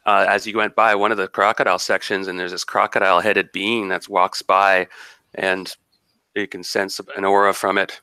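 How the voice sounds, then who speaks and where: A man's voice: fairly low pitch, sharp tone, clear, resonant tone, dry recording. A man narrating as game master of a tabletop game, rambling and descriptive with many restarts.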